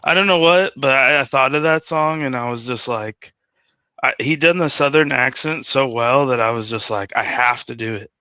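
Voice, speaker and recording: A laid-back guest who hesitates and laughs through a casual chat. His voice is very bright and forceful. The sound is dry and close, with no room around it. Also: medium pitch, normal speed, clear, resonant tone, dry recording, lo-fi sound. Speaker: podcast guest.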